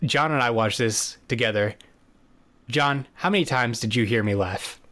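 Man, podcast co-host, casual episode recap, dry sarcastic humor, lots of fillers, mid-pitched voice. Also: normal speed, a bit bright.

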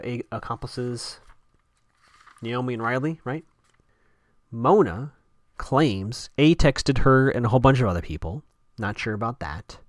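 A man's voice: medium pitch, dry recording. Chatty man recapping a show, dry sound. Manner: rambling, chatty, with frequent fillers and self-corrections. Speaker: podcast host recapping a TV episode. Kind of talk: casual recap chat.

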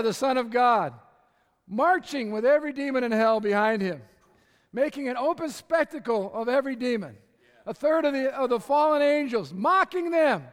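Male pastor, impassioned sermon, very high voice, echoey church hall. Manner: impassioned, building to shouts. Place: church sanctuary.

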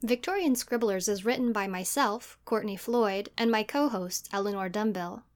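A woman's voice: medium pitch, normal speed, faint music behind. Chatty woman podcast host. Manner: loose and conversational, with filler words. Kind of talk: casual chat.

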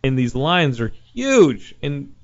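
A man's voice: mid-range voice, slow. A man hosting a casual podcast, telling stories with lots of energy. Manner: animated storyteller, does curse-heavy impressions in quotes. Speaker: podcast host. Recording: dull lo-fi sound.

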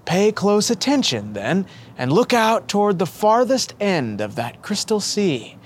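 A tender, earnest young boy saint, voiced by a man in a spoken storybook, his voice raised well above the reader's own and swinging lively in pitch. He asks kind questions patiently, with quiet warmth. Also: measured pace, slight background noise. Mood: gentle.

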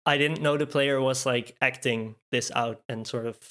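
A man in relaxed conversation about a game he played. His voice is ordinary and even, and he tells his story plainly with a few fillers and restarts. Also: medium pitch, moderate pace. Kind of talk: casual chat about a video game.

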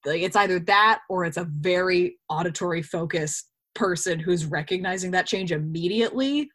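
A woman's voice: fairly low pitch, normal speed, few pauses, fairly bright tone. A woman, an actor, speaking as a guest in a casual interview over a video call, musing thoughtfully and laughing often.

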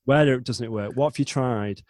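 A man in his forties with a Northern English accent, a chatbot developer from the north of England, chats casually as an interview guest, rambling and frequently restarting and self-correcting. His mid-range voice is a little mellow and a little fast, with no echo.

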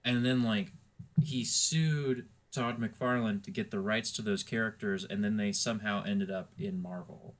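A man's voice: on the low side, fairly even intonation, a little slow. A man co-hosting a podcast in casual chat, rambling and laughing easily. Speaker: podcast co-host.

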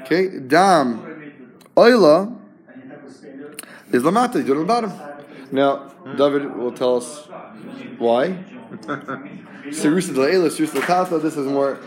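A man leads a Talmud class, his voice sitting a little high. He explains with rhetorical questions, repeats words as he goes, and translates each Hebrew term for his students. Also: expressive, unhurried, pauses often, a crowd in the background. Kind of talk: lively Talmud class teaching.

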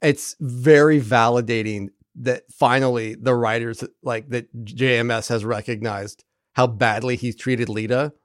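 Animated, profane man in casual chat. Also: mid-range voice, measured pace, no room sound, studio quality. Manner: animated, profane, acts out quoted characters. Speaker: podcast co-host.

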